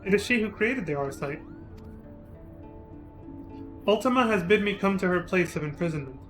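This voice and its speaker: A man's voice: sits high, expressive, moderate pace, a bit bright, soft background music. A man reading the lines of a frail young woman from a game, earnest and solemn. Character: frail young woman, sister, eerie and yearning. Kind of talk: reading game dialogue aloud.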